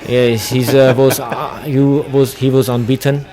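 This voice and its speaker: A man's voice: mid-range voice, level tone, unhurried, dark tone. A man with an Armenian accent, a boxer speaking broken English bluntly and confidently as an interview guest. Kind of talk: casual interview.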